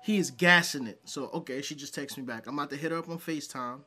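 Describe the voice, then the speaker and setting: A man hosting a casual reaction video. He talks excitably, swears, and breaks into loud laughter. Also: a little high, fast, soft background music. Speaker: video host.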